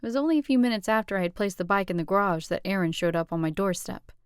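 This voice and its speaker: A woman reading a novel aloud in a steady, expressive storytelling voice at an ordinary pitch. The sound is dry and close, with no room around it. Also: quick pace, clear, resonant tone, dry recording. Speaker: audiobook narrator. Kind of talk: scripted narration.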